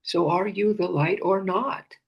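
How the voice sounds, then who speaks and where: A man leads a guided meditation in a slow, unhurried voice with a gravelly, very husky texture. He often sinks into breathy whispers and softly repeats phrases and names. His pitch sits a little high for a man. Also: steady tone, dull audio. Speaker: meditation teacher.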